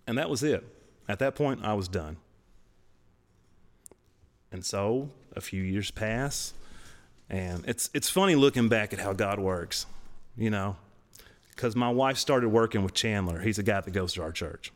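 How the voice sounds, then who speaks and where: Man in his thirties, low-pitched, casual podcast testimony, animated delivery with sudden high jumps. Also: unhurried, long pauses. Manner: animated, laughs while telling stories, voice jumps way up for emphasis. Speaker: podcast co-host.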